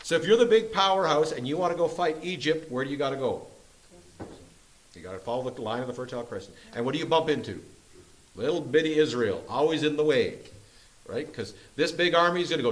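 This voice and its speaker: A man whose voice is a little high runs a Bible study group in a church meeting room, using a map as he teaches. His delivery is expressive and a little fast, full of jokes and frequent laughter, and the recording is rough.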